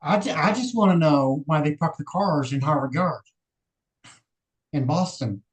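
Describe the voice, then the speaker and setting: A man's voice: on the high side, animated, a little slow, low-quality recording. A man from Texas chatting casually as a livestream guest, easygoing and telling stories. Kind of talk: casual chat.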